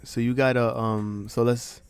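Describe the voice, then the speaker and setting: A man's voice: medium pitch, flat delivery, unhurried, smooth, dry recording. A man with a New York accent chatting casually on a livestream, laid-back, laughing and swearing often. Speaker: livestream host.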